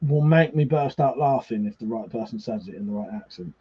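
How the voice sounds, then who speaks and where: The host of this livestream is a drunk man with a mellow, mid-range voice and a breathy edge, talking at a moderate pace. He chats casually, reads viewer comments, swears without restraint, and laughs a lot, and the sound comes through slightly muffled.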